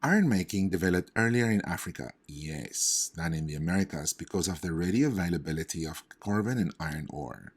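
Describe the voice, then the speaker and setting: A man working through reading test questions aloud as a tutor, thinking out loud and correcting himself as he goes. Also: low-pitched, animated, brisk, hardly any pauses, breathy edge.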